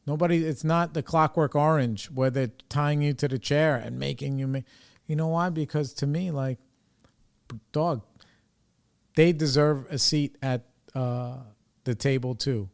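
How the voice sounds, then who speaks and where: A man's voice: on the high side, steady tone, unhurried, gravelly, darkish tone, clean tone. A man from New York with a New York accent, hosting a recovery podcast in a casual, rambling monologue, loose and profane, full of "you know" and "like.".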